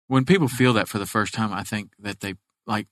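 A man hosting a casual chat, telling stories in a rambling way with halting restarts. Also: lowish voice, a bit bright, dry recording.

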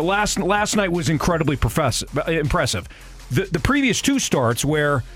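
A man hosting sports talk radio in a measured way, steering the conversation to the next topic. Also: a little high, fairly bright tone. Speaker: radio host.

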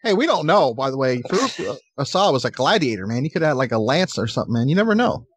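A man co-hosting a podcast, joking and laughing through quick banter about old wrestling. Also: mid-range voice, sing-song, husky, dry recording. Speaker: podcast co-host. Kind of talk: casual chat recapping old wrestling.

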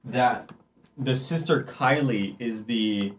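A man's voice: mid-range voice, takes it slowly, slight background noise. A man co-hosting a casual chat, laid-back and playful. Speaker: co-host.

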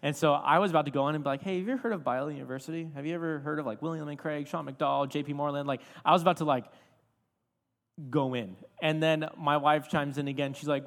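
A man's voice: a little high, quick pace. Chatty young man preaching in a hall. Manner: animated, chatty with many fillers. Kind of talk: storytelling sermon. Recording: reverberant hall.

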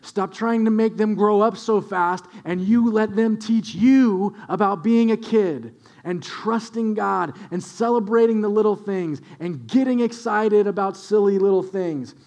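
A young adult man, a pastor, preaching a sermon with animated storytelling and quiet, earnest stretches. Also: high voice, a little slow.

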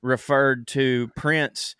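A man's voice: mid-range voice, steady tone, drawn-out words, a bit bright, smooth, dry recording, clean studio sound. A man co-hosting a podcast in casual chat, easygoing and joking as he tells small stories. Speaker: podcast co-host.

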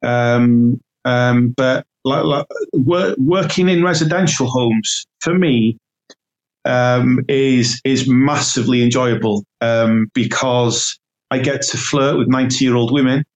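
Man, mid-pitched voice, casual podcast guest, rambling storyteller, lots of ums. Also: slow pace, low-quality recording. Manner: chatty, warm storytelling with many fillers and restarts. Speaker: self-employed painter and decorator guest.

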